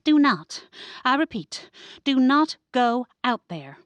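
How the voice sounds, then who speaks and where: A woman's voice: mid-range voice, wildly swooping pitch, a little fast, dry recording, highs cut off. A woman voicing a panicky, frightened young woman who shrieks and whimpers, in storybook narration. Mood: alarmed.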